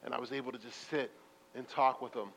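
A man preaching a sermon in a church, telling stories in a conversational, self-deprecating way with sudden loud bursts. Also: medium pitch, steady tone, fast talker, vocal fry, a little hiss or hum. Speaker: pastor. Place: church sanctuary. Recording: muffled reverberant hall recording.

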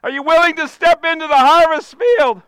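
High bright-voiced guy preaching, repeats lines, shouts the big bits. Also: normal speed, no echo, rough recording. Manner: impassioned preaching, repetitive cadences, bursts of shouting. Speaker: pastor. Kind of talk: sermon.

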